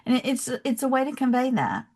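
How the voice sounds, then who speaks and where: A woman with a Southern US accent, a podcast guest who tells stories in an animated, chatty way full of "you know" fillers. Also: high voice, brisk. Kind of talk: casual interview chat.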